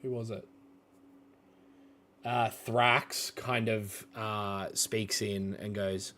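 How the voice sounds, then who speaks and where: A male game master narrating a tabletop game at a slow, unhurried pace, stopping often on fillers. His voice sits a little low with a bright, forceful edge. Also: little pitch movement. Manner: hesitant, many fillers.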